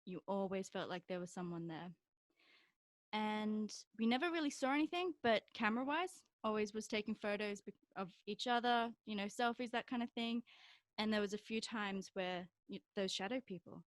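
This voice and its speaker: Guest, female, Australian accent, mid-pitched, relaxed chatty delivery, dry mic. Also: moderate pace, no echo. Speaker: podcast guest. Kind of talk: casual chat.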